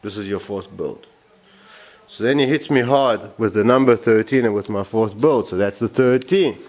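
A man's voice: fairly low pitch, moderate pace, a little mellow. A man who builds boats, explaining his boat in a casual vlog and rambling with restarts and repeated phrases, recorded in his workshop. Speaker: boatbuilder.

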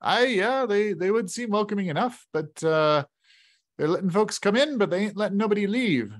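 A man voicing a folksy male tavern keeper who talks in a rustic drawl and pauses to think mid-sentence. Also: high voice, expressive, pitched above the performer's own voice. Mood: gossipy, grim.

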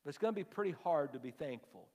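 A man preaching a sermon as lead pastor, telling a story slowly, his phrases trailing off softly before rising to fervent emphasis. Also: fairly high pitch, animated. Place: church sanctuary. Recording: long church-hall reverb.

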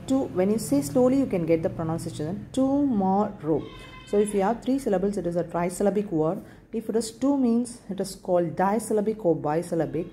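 A woman teaching an English lesson in an Indian English accent. She speaks slowly, repeats words and spells them out letter by letter. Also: lowish voice, warm tone, a little hiss or hum. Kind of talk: recorded classroom lesson.

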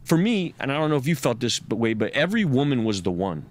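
A man's voice: medium pitch, quick pace. Loose-talking man telling a story. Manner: loose, profane, animated retelling. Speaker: podcast guest. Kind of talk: casual storytelling.

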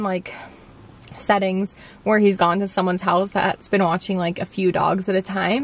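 A young woman chatting casually to her viewers at home as a lifestyle vlogger, relaxed and full of "like" fillers. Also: medium pitch. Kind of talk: casual chat. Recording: steady background noise.

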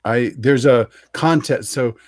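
A man's voice: medium pitch, takes it slowly, no echo. Wry, matter-of-fact man guest. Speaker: author and guest. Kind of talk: casual interview chat. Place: home, remote video call.

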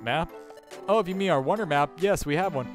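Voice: medium pitch, fairly quick, soft background music. A player reading the hero's lines casually, with joking asides, in a fan dub of a game playthrough. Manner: casual, joking line reads. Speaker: let's player dubbing the hero.

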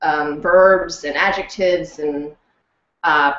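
A woman talking casually in an interview, chatty and animated, laughing often and full of fillers. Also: deep voice, takes it slowly. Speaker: interview guest, audiobook narrator and actress. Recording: roomy, dull lo-fi sound.

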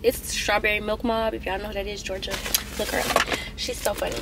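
A woman's voice: mid-range voice, little pitch movement, fairly quick, noisy background. A young woman, talking in a rambling, slangy, casual vlog style into her phone. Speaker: vlogger.

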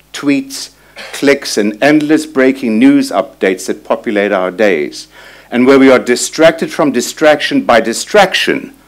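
Man, 60s, conference talk, reflective, personal storytelling, reads quotes aloud, mid-pitched voice. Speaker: conference speaker. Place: conference hall.

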